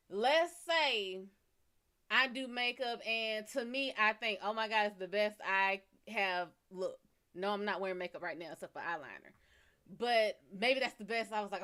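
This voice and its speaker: A woman's voice: mid-range voice, pushed and bright. A woman hosting a live psychic reading stream, giving casual advice bluntly and swearing freely. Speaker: psychic reader and livestream host.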